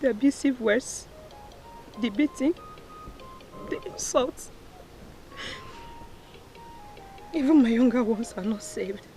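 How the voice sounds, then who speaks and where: A woman's voice: on the low side, little pitch movement, moderate pace, gravelly, a little mellow, soft background music, low-quality recording. An actress with a Nigerian English accent playing a crying young woman who was raised by an abusive father. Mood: tearful. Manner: distressed, pleading. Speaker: daughter.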